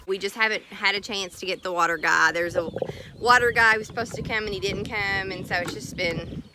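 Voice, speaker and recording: A woman chatting casually in a farm vlog, talking to and teasing her animals. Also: medium pitch. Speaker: farm vlogger. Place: outdoor farmyard with chickens and goats. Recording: noisy outdoor farmyard, clucking chickens. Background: chickens clucking.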